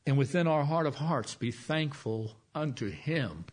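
Folksy male pastor preaching softly. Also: a little high, lively intonation. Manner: folksy, conversational, with long pauses and soft emphasis. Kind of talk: sermon.

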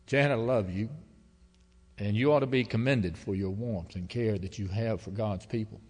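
A man preaching a sermon as pastor, telling stories in a folksy, emotional way that swings between loud and hushed. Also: lowish voice, normal speed, pauses often. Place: church sanctuary. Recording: long hall reverb.

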